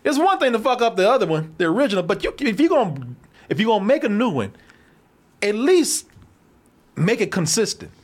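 A man with a high, bouncy voice hosts a loose movie review chat. He swears freely and breaks into laughter between rants. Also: fairly quick. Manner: profane, animated, laughs often. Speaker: podcast host.

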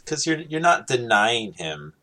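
A man's voice: medium pitch, sing-song, measured pace, bright, forceful tone. A man chatting casually while playing a game, joking and filling his sentences with "like". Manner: joking, trails off and restarts with "like". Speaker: player. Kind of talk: casual chat over a game.

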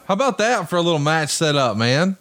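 A man's voice: on the high side, very animated, a little fast, a bit bright, dry recording. A man co-hosting a casual, joking chat about old wrestling footage. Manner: enthusiastic, joking. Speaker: podcast co-host.

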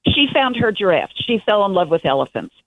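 Sing-song and fairly quick, this older woman's mid-range voice carries over a dry, tinny phone line. As a guest journalist in a casual interview, she tells rambling stories with real enthusiasm.

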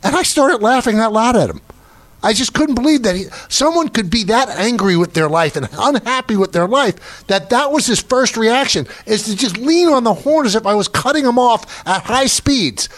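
A man in his sixties, a radio show host, telling a story in casual banter with animated, mock-outraged delivery. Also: very high voice, normal speed, few pauses, no room sound. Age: 60s.

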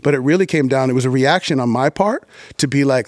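Middle-aged man from New York, mid-pitched, dry close sound, profane and animated podcast guest. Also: no room sound. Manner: animated, profane, many quick restarts and acted-out quotes. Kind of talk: casual interview storytelling.

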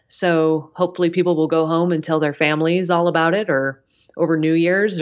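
A woman journalist, a guest on a podcast, explaining her work in a friendly, lively way. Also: deep voice, lo-fi sound. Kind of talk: casual interview chat.

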